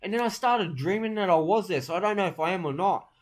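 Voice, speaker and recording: A man's voice: sits high, animated. A man, rambling through crude, boastful comic tall tales. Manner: brash, crude, rambling, fast-talking boasts.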